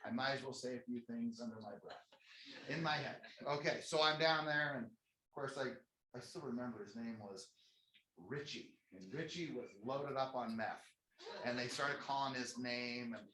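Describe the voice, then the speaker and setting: A man's voice: mid-range voice, moderate pace, pushed and bright. A man who is a company CEO, telling a funny, self-mocking story from a stage to a live audience, chatty and full of restarts. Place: stage in a large room. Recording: echoey room sound.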